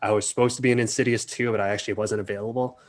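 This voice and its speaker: A man in a casual interview, recalling his career in a relaxed, talkative way. He slips into quoted voices as he tells stories, and his voice sits on the low side. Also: rapid-fire. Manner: animated storyteller, acts out quotes. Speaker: film director, interview guest.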